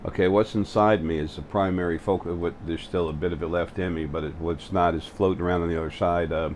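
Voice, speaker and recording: A man with a very low voice talks straight to the camera on his own spiritual channel. He keeps stopping on fillers and restarting his sentences, with a faint hum of noise under him. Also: fairly even intonation, a little mellow. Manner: halting, full of fillers and restarts. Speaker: channel host. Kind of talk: spiritual vlog monologue. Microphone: facing the camera.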